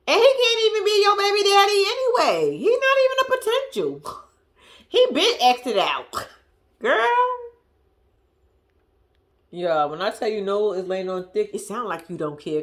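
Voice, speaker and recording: Animated, laughing woman vlogger. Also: high-pitched, normal speed. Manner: animated, slangy, laughs often. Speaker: reaction vlogger. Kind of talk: casual reality-show commentary.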